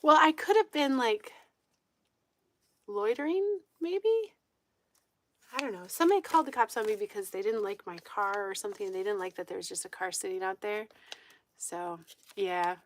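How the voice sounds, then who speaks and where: A woman hosting a homestead live stream, telling a story in casual chat, animated, laughing often and acting out what people said. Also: mid-range voice, moderate pace, long pauses, a little hiss or hum. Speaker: homestead channel host. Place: at home.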